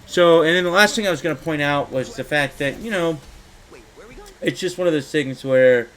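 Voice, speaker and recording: A man's voice: a little high, moderate pace, a bit bright, poor audio. A young man giving casual, rambling commentary over his own card-game run, full of fillers and mild frustration. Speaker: gaming YouTuber.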